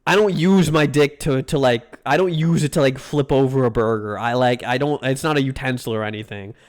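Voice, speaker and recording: A man streaming live, reacting to food pictures and chatting with viewers in a rambling, crude, joking way. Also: mid-range voice. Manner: rambling, crude jokey banter, drawn-out food names. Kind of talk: casual live-stream chat.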